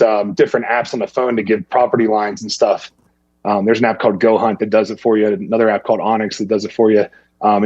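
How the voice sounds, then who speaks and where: Guy telling a story, husky voice, a bit muffled, does the other people's voices. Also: mid-range voice, no room sound. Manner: animated, acts out other people's lines in a raised voice. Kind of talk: casual storytelling.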